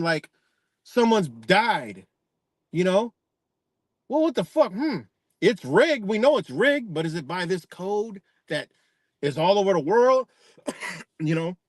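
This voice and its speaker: A man rants live in loose, cursing, repetitive bursts, his voice sitting a little high for a man. The sound is close and dry, with no room echo. He breaks off now and then to answer viewers in the chat. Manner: profane, repetitive, rambling rant; reacts to live chat comments. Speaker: live streamer. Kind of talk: casual ranting commentary.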